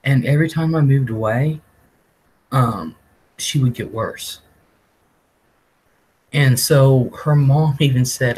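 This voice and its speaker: Husky man rambling through a story. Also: mid-range voice, slow pace, long pauses, a little mellow, rough recording. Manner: rambling, laughs often, swears casually. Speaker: livestream host. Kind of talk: casual storytelling.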